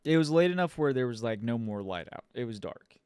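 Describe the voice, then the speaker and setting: A young man chatting on a podcast in a smooth, clear voice, spinning a rambling, profane story. The sound is dry and close to the mic, with no room echo. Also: mid-range voice, lively intonation, fairly quick, a little mellow. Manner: rambling, swears a lot, mimics people in quotes. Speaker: podcast co-host. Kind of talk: casual storytelling chat.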